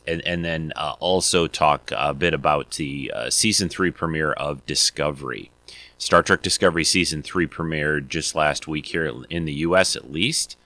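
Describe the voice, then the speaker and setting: A man's voice: extremely low pitch, bright, forceful tone, dry recording. A man hosting his podcast in a loose, rambling chat full of fillers and restarts. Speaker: podcast host. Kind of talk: casual solo podcast chat.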